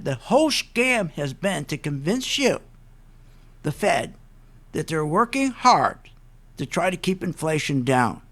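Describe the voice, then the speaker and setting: A man's voice: fairly high pitch, fairly bright tone. A man hosting a radio show, delivering a fired-up, emphatic market rant that repeats points and mocks what others say. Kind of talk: live call-free market commentary rant.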